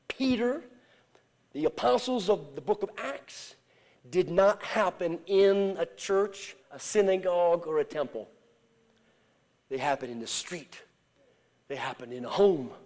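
A man preaching as a traveling evangelist, telling a story and acting out the voices in it, swinging from shouts to hushed whispers. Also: high voice. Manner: acts out quoted voices in storytelling. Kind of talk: sermon.

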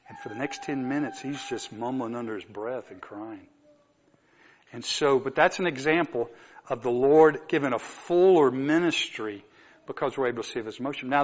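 A man preaching a sermon, telling a story and moving from soft asides to emphatic exclamations. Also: medium pitch, dull audio.

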